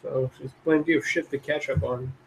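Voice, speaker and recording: A man's voice: medium pitch, steady tone, normal speed, creaky, slight background noise, low-quality recording. A man playing in a tabletop game, chatting in a laid-back, agreeable way. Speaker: player. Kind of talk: casual chat at a game table.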